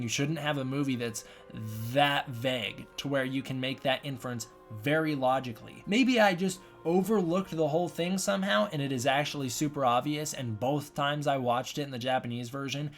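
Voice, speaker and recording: A man giving a casual spoken film review, rambling and often restarting his sentences. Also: mid-range voice. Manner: rambling, repeats and restarts himself.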